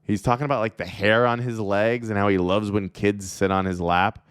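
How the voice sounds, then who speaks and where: A man's voice: on the low side, flat delivery, moderate pace, smooth, no room sound, clean studio sound. A man hosting a comedy show, riffing sarcastically through a monologue and laughing at his own jokes. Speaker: comedian host.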